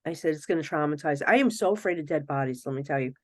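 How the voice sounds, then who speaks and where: Animated woman telling stories, dry sound. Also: sits low, fast talker, no echo. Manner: animated, acts out quoted voices, laughs often. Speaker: psychic medium guest. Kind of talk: casual storytelling in a podcast interview.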